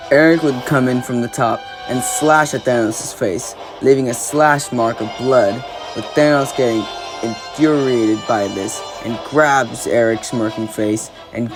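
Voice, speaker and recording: Man narrating a superhero fan story. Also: medium pitch. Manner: steady play-by-play storytelling.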